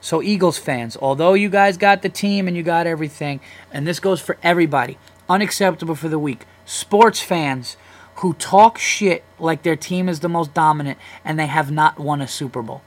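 A man's voice: on the high side, moderate pace. A man, hosting a casual solo podcast, ranting bluntly and swearing freely about sports fans. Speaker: podcast host.

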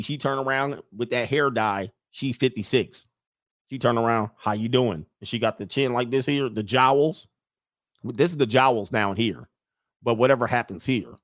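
A man's voice: mid-range voice, no echo. Mocking slangy man, dry close sound. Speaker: commentator reacting to photos. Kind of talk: casual on-screen commentary.

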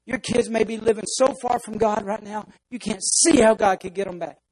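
A man's voice: high voice, steady tone, moderate pace, rough recording. A man preaching a sermon as pastor, speaking emphatically and acting out stories for his congregation.

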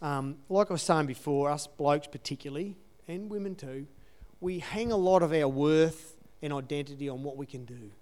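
A man's voice: on the high side, normal speed, few pauses, a little mellow. A man giving a conversational sermon testimony in an earnest way, repeating his key phrases. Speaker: church speaker sharing testimony.

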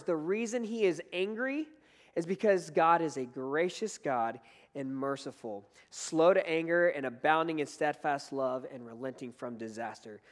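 A fairly high-voiced man delivers a sermon, earnest and conversational, pressing harder on his key points. His voice rings with the long reverb of a large church hall. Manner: earnest, conversational preaching with rising emphasis. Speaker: preacher.

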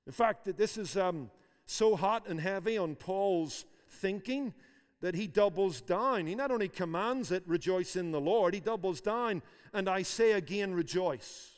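A man's voice: sits high, unhurried, smooth, in a large hall. A man preaching a sermon, emphatic, repeating phrases for force. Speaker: pastor.

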